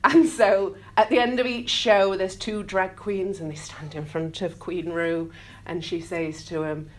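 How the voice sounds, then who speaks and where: A woman's voice: lowish voice, fairly even intonation, unhurried. Candid woman with a Sheffield accent speaking. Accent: Sheffield English. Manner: candid, self-deprecating, laughs easily. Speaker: public speaker. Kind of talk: live talk to an audience. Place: community hall talk.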